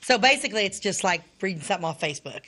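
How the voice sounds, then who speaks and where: A woman's voice: medium pitch, expressive, very fast, pushed and bright. A woman in her fifties from Illinois, co-hosting a casual local-history chat, rambling and restarting her sentences, sometimes reading a letter aloud. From Illinois, USA. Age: 50s. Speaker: podcast co-host.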